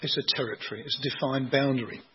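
A man giving a sermon, explaining scripture in an unhurried teaching manner and asking rhetorical questions. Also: mid-range voice, steady tone, highs cut off, a little hiss or hum. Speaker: preacher.

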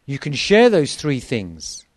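A man's voice: medium pitch, huge pitch swings, slow. A middle-aged man preaching a sermon to a gathering, with an emphatic delivery full of repetition.

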